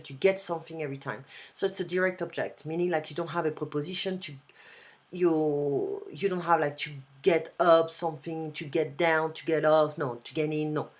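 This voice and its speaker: A woman with a French accent tutoring a student over a video call in a casual one-on-one lesson, explaining slowly and repeating example phrases. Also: low-pitched. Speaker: language tutor.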